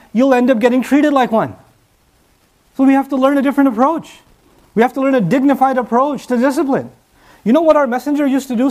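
A man's voice: extremely high pitch, darkish tone. A man giving a sermon, emphatic, with repeated rhetorical questions. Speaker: preacher.

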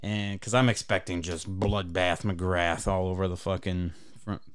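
Smooth-voiced man telling profane road stories. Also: low voice, fairly even intonation, measured pace. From Michigan, USA. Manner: profane, rambling anecdote-telling. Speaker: podcast co-host. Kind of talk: casual chat, storytelling.

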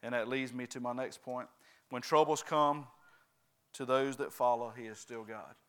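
A man's voice: mid-range voice, steady tone, normal speed, a bit bright, clear, resonant tone. A man preaching a sermon, constantly checking in with his congregation by asking "right?" and "amen?".

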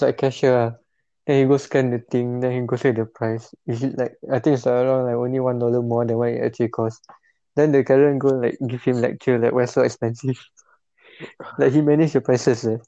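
A man's voice: medium pitch, dark tone, no echo, muffled recording. A young man from Singapore with a Singaporean English accent, co-hosting a casual late-night podcast chat in a laid-back, chatty way. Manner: laid-back, chatty, drops into mock voices. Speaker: podcast co-host.

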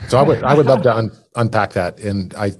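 A male podcast host with a very low voice. He asks thoughtful follow-up questions at an easy pace. He restarts and reworks his phrasing as he thinks aloud. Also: fairly quick, breathy edge. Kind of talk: interview questions.

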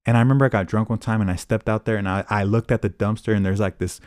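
A man's voice: lowish voice, fairly even intonation, fast, a little mellow, no echo. Young man, casual podcast storyteller, profane and laid-back, dry close sound.

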